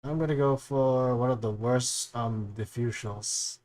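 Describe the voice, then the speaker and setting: A man's voice: medium pitch, steady tone, a little slow, darkish tone. Young male streamer, casual and rambling reaction talk. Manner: rambling, with many fillers.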